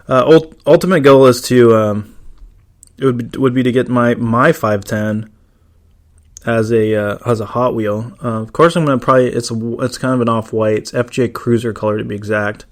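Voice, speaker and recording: Brief: male podcast host, casual solo chat, mid-pitched voice, loose and rambling. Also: fairly even intonation, normal speed. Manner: rambling, many fillers and restarts.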